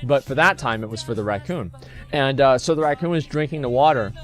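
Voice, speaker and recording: A man's voice: medium pitch, a little fast, soft background music. A man telling a long story casually to his stream audience, rambling and swearing freely. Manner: rambling, profane, restarts and fillers.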